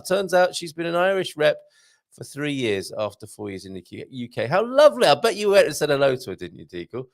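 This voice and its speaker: A man's voice: a little high, sing-song, a little fast, no echo, clean studio sound. A man hosting a live show in a casual, jokey way, reading out viewer comments and adding chatty asides. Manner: chatty, jokey, reads messages aloud with asides.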